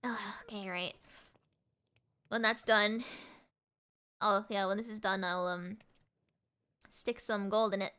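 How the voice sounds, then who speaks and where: A young woman streaming and chatting with viewers, talking fast and giggling, with a mixed American and British accent. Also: medium pitch, steady tone, bright, forceful tone, clean tone. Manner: rapid, giggly, repeats words. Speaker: VTuber streamer. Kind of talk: casual live-stream chat with viewers.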